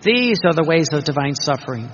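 A man preaches a sermon emphatically, firing off rhetorical questions. His fairly high voice swings widely in pitch, moves fairly quickly, and sounds a bit bright, captured in a dull, reverberant hall with slight background noise.

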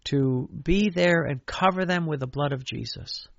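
An older priest gives a sermon with a gravelly, rough-edged voice. He tells stories casually and then falls into chanted, repeated prayer lines. The recording is dull and lo-fi, with a dry, close sound. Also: fairly high pitch, unhurried, fairly bright tone, dry recording. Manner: anecdotal, conversational preaching.

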